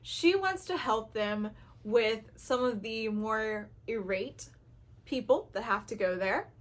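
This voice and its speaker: A woman with a high, bright voice talks casually to her viewers about the books she loves. She gushes openly and acts out her own reactions as she goes. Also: lively intonation, slow. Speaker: book reviewer. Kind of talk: casual chat to camera.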